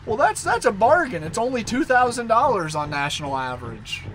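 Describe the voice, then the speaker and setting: A man's voice: very high-pitched, big pitch swings, brisk, noisy background. A man chatting casually on a live stream, rambling and talking baby talk to his dog.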